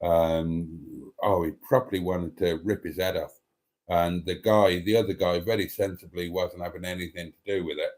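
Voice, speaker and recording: A man with a voice on the lower side hosts a relaxed livestream. He rambles casually, stumbling over restarts and filling gaps with ums. He talks in a chatty way while reading out viewer comments. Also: moderate pace. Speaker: YouTube channel host.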